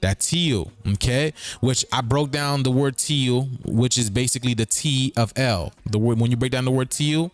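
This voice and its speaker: A man's voice: medium pitch, normal speed, hardly any pauses. A man hosting a livestream in a casual, rambling commentary style. He repeats himself and keeps checking in with his listeners. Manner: breaks words apart and riffs on them. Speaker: streaming show host.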